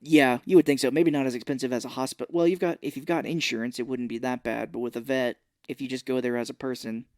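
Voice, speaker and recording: A man's voice: medium pitch, steady tone, fast talker, few pauses, no room sound. Man, podcast co-host, casual movie recap, dry close mic. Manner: retells scenes, acting out quoted lines. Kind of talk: casual film recap chat.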